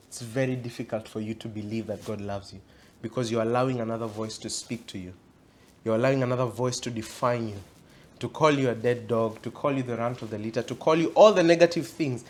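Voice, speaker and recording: A man's voice: mid-range voice, a little hiss or hum. A man preaching a sermon at a church event, emphatic, often asking the audience if they understand. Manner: emphatic, repeats questions to the audience.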